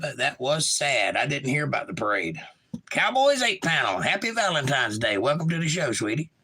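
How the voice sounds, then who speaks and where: A livestream host with a Southern drawl from Georgia, chatting easily with his viewers as he reads their messages out. His voice has a gravelly edge to it. The tone stays bright and forward throughout. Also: mid-range voice, poor audio. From Georgia, USA. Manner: laid-back, reads chat messages aloud and replies. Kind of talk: casual livestream chat, reading comments aloud.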